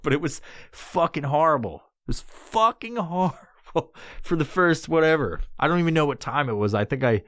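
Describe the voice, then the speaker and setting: A podcast host with a middle-pitched voice, an adult with a son, rambles through a casual story of his own, swearing freely and trailing into restarts. He acts out his own panicked voice in high squeals. The sound is smooth, dry, and close, with no room or echo.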